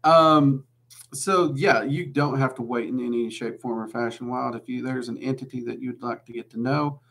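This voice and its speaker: A man's voice: medium pitch, steady tone, moderate pace, creaky, a bit bright, slightly rough. A man with a Southern twang, hosting a casual livestream Q&A and chatting loosely with lots of "um"s. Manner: chatty and rambling, with many "um"s. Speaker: livestream host answering viewer questions.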